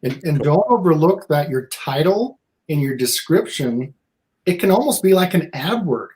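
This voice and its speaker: A man's voice: on the high side, lively intonation, normal speed, darkish tone. A man speaking as a guest on a livestream panel, explaining tips and voicing what a user might think. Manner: explanatory, acts out users' thoughts, some restarts. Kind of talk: casual livestream panel advice.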